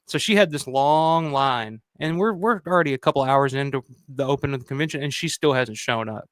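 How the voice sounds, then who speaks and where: A man's voice: mid-range voice, a little fast, clean tone, no room sound. A man telling convention stories in a casual, rambling way, full of "you know" and cursing. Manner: acts out the people he quotes. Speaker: roundtable guest. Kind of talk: casual storytelling.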